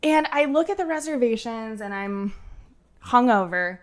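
A woman in her thirties from Ohio, telling a story as a guest, animated and laughing, with casual cursing. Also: a little high, normal speed. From Ohio, USA.

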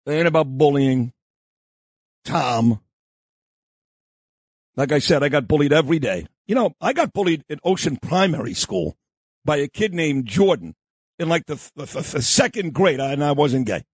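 A man hosting a talk radio show, delivering a combative, opinionated monologue and shouting down those he disagrees with. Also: on the high side, big pitch swings, normal speed, pauses often, husky, dry recording. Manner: combative, insulting, repeats himself, shouts down opponents.

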